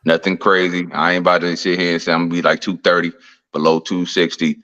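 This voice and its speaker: A man's voice: deep voice, level tone, quick pace, a bit bright, slight background noise. A man, a heavyweight boxer, talking in a laid-back, reflective way with casual slang in an interview. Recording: dull lo-fi audio.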